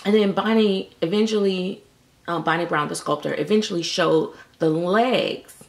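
A woman chatting casually to camera about her collectible dolls, animated and full of acted-out quotes. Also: fairly low pitch, moderate pace. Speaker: doll collector vlogger.

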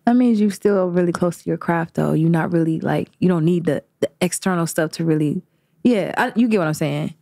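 Female host, casual chat, playful and energetic. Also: lowish voice, gravelly. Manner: lively, teasing, quick to laugh.

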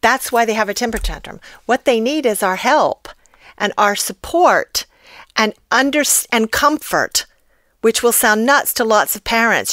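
American woman on a podcast, explains stuff calmly, dry sound. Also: a little high, measured pace, no echo. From United States. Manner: explanatory, reflective. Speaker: guest expert. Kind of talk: podcast interview.

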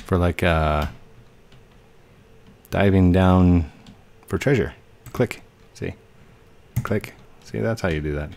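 A man's voice: sits low, slow, pauses often, a little mellow, a little hiss or hum. A man giving playful, chatty commentary on a game he is playing and talking to himself as he goes. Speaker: gaming YouTuber. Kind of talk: gameplay commentary.

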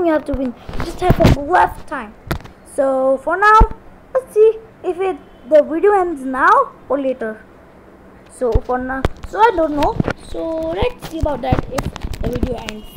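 A woman talks through her game in a high, slow, unhurried voice, breaking into excited repeated outbursts. The recording is noisy, with clicking in the background. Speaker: gaming channel host. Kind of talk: live game commentary.

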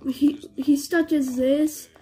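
A young woman co-hosting a gameplay video, teasing her partner with deadpan jokes. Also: high-pitched, slow, a little hiss or hum. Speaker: co-host. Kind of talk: joking casual chat.

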